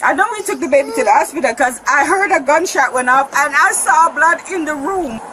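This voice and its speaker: A woman's voice: sits high, animated, brisk, bright, forceful tone. A middle-aged woman, upset and tearful, rambling through what happened and acting out what others said. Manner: rambling, acts out quoted speech, shaky. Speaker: caller. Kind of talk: distressed account to police. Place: outside a home, on bodycam. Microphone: officer's bodycam. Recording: noisy police bodycam audio.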